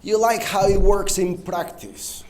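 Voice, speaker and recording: Spanish accented guy doing a conference keynote, slightly high voice, lots of ums, talks right to the crowd. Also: fairly even intonation, a little slow, a little mellow, slight background noise. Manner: frequent ums and uhs, engages the audience with direct prompts. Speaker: conference speaker. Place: conference hall stage.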